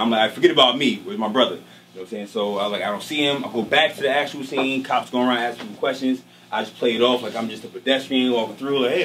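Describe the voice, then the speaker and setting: A man telling a casual, slangy, animated story on stage before a live audience, often checking in with his listeners. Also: medium pitch. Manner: casual, slangy, animated, peppered with "you know what I'm saying". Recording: distant mic, noisy live venue.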